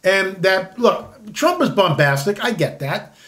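A man's voice: high voice, sing-song, measured pace, fairly bright tone. A man in his sixties hosting a solo commentary show, rambling and sarcastic with frequent restarts. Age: 60s.

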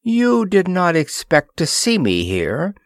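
A man puts on a proud older queen, harsh and solemn, in a raised voice. The delivery is slow and lively in pitch, recorded dry. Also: no room sound, lightly acted.

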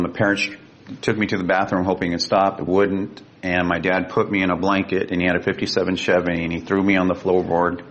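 An older man from California, a guest telling a personal story in an earnest, emotional way and slowing down for quoted speech. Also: a bit bright. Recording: dull lo-fi sound with faint rumble.

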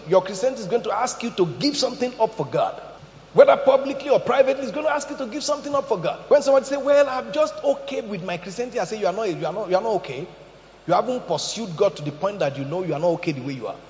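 Male pastor, high and animated voice, sermon in a reverberant church hall. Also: slight background noise. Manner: animated preaching, swings from shouting to hushed. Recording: echoey hall, muffled sound.

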